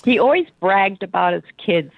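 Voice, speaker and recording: An older widow speaking in an interview, reflective and halting as she remembers her husband. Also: medium pitch, lively intonation, vocal fry, no echo. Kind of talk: emotional interview. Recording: dry phone-like line.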